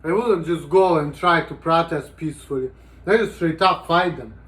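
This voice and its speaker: High-voiced man rambling in a vlog. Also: normal speed, a bit bright. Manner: rambling, profane, heavy use of "you know". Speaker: vlogger. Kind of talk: casual vlog monologue.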